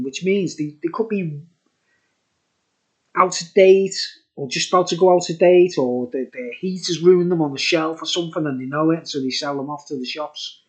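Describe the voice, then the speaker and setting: A man reviewing a beer in a casual vlog, rambling and joking, sounding slightly tipsy. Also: fairly high pitch. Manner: rambling, jokey, trails off and restarts.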